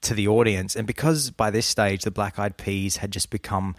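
A man's voice: on the low side, fairly even intonation, moderate pace, dry recording, studio quality. A man co-hosting a podcast, telling a story in a rambling way with many restarts and laughs. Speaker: podcast co-host. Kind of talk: casual comedic chat.

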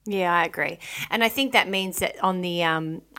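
A woman's voice: on the low side, moderate pace, bright, forceful tone. Reflective woman hosting podcast. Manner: reflective, thinks aloud while framing questions. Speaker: podcast host. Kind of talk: casual podcast chat.

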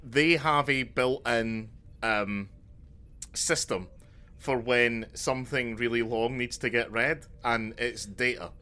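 A man's voice: medium pitch, slow pace, bright, forceful tone. A man co-hosting a casual podcast chat, blunt and sweary with dry humour. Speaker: podcast co-host.

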